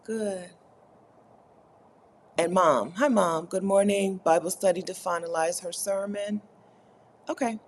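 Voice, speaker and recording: This Caribbean livestream host takes her time, speaking slowly at medium pitch with long pauses over slight background noise. She reads the chat aloud during a co-working stream, joking around with mock grumbles and frequent laughter.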